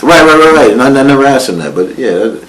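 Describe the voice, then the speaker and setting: A man's voice: mid-range voice, big pitch swings, fast talker, fairly bright tone, low-quality recording. A man telling a life story in casual, profane slang, often laughing, repeating words and asking if you follow. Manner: profane, slangy, keeps asking "you know what I'm saying".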